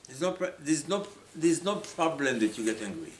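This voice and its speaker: A man's voice: fairly high pitch, very animated, moderate pace, slight background noise. A man preaching a sermon, emphatic and repetitive, often acting out the voices of the people he quotes. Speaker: rabbi. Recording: echoey room with faint ambience.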